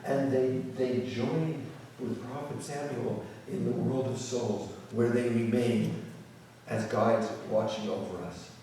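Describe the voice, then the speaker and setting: A man who is a rabbi, telling a folk story in an animated lecture, often repeating words as he goes, in a synagogue sanctuary. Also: mid-range voice, takes it slowly, a little hiss or hum. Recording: echoey hall, distant mic.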